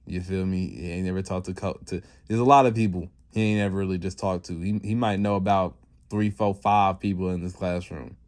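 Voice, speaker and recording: A man with a low, deep voice talks through a story recap in a loose, rambling way. His speech is slangy and laid-back, and he keeps circling back with fillers and restarts. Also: steady tone, fairly quick, darkish tone. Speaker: channel host recapping a fan story.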